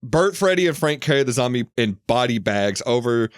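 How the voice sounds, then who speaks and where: A man's voice: mid-range voice, expressive, a little fast, dry recording, clean studio sound. A man hosting a podcast, recapping a film in loose casual chat, laughing often and swearing freely. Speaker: podcast host.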